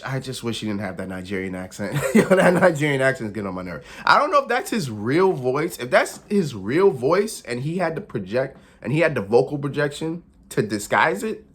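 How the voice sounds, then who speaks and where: Male vlogger, casual prediction chat, loose, repetitive, quick to laugh. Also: medium pitch, expressive, fairly bright tone. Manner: chatty, repeats phrases, laughs often. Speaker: wrestling pundit.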